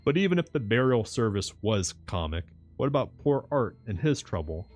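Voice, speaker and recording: A man's voice: medium pitch, very animated, normal speed, darkish tone. A man streaming a novel reading from a home setup, narrating and breaking off into wry, amused asides. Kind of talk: audiobook narration with joking asides. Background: faint background music.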